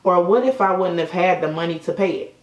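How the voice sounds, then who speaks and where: Brisk and lowish-voiced, this young woman chats casually over a makeup tutorial, swearing often as she tells stories. She records as a beauty vlogger in an indoor room at sunset, and the audio is roomy and dull.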